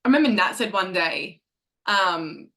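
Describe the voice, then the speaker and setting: A woman host with a bright, forward voice, gushing with affirmation in a relaxed podcast interview. She cheers her guest on and moves the talk along with easy questions. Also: medium pitch, a little slow. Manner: effusive, warmly affirming.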